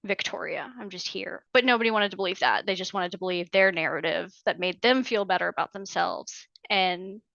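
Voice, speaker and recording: A woman in her thirties tells her own story as a podcast guest, candid and emphatic. She acts out the exchanges in bright, forward tones. The recording is dry, a little dull in the highs. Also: fairly quick, creaky, hardly any pauses, dry recording. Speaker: podcast guest, Navy veteran. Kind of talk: personal story in an interview.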